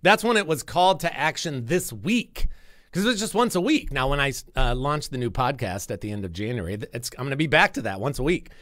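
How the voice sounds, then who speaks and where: A middle-aged man hosting his radio show from the studio, talking earnestly in a casual, rambling flow and repeating himself as he restarts his sentences. His voice sits at an ordinary pitch and sounds close and dry, with no room around it. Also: animated, fairly quick, a bit bright, no echo. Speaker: radio host.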